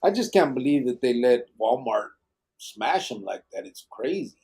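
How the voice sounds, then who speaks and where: A man's voice: medium pitch, very animated, moderate pace, a little mellow, slightly rough. A man hosting a live podcast, chatting casually and reading out chat messages in a laid-back, slangy way that is full of swearing. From Arizona.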